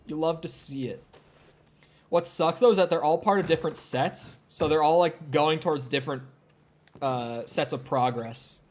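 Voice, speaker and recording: A young man from Minnesota with a light Minnesota accent talks over his gameplay in a loose, rambling way. His voice sits a little high for a man, and he peppers his speech with fillers and casual swearing. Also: normal speed. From Minnesota, United States. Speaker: gaming streamer.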